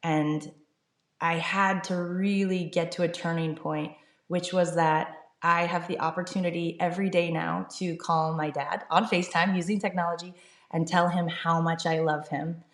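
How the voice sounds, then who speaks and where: A woman's voice: fairly low pitch, level tone, moderate pace. A middle-aged woman, a startup founder, talking earnestly and upbeat as an interview guest. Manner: earnest, upbeat, fluent with fillers. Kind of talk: conversational interview. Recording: echoey room.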